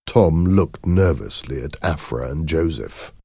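A deep male voice reads a storybook slowly, with lively rises and falls. The recording is dry and close, with no room sound. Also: no room sound. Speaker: audiobook narrator. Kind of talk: scripted storybook narration.

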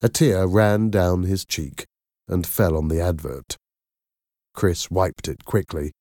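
A man narrating a storybook slowly and clearly, with an expressive delivery. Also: sits low, no room sound, clean studio sound. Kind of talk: storybook reading.

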